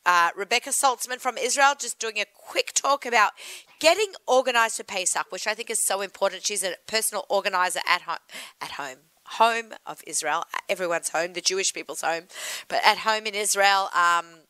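A woman's voice: mid-range voice, bright, forceful tone, clean tone, no echo. A woman with an Australian accent hosting a food radio show in a chatty, enthusiastic way. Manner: chatty, enthusiastic, quick asides. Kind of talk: casual radio chat.

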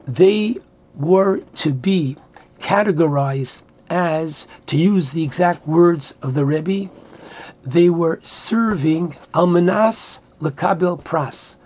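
High-voiced man giving a slow Torah talk. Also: warm tone, husky. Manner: earnest, explanatory, quotes Hebrew verses then translates. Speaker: rabbi teaching Torah. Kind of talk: Torah class sermon.

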